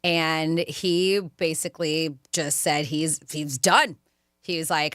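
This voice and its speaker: A woman co-hosting a radio talk show, telling stories in an animated, chatty way. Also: fairly low pitch, unhurried, dry recording, clean studio sound. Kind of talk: casual radio chat.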